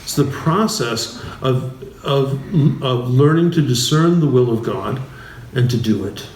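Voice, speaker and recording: A man giving an informal church talk with stories, halting and restarting often between fillers. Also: medium pitch, darkish tone, far from the mic. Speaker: bishop teaching a class series. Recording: roomy church hall, voice from afar, faint noise.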